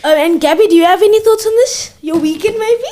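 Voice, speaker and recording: A woman's voice: very high voice, fast talker, darkish tone, a little hiss or hum. A young woman co-hosting a podcast in casual chat, putting questions to the others. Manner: asks the others questions, chatty. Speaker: podcast co-host.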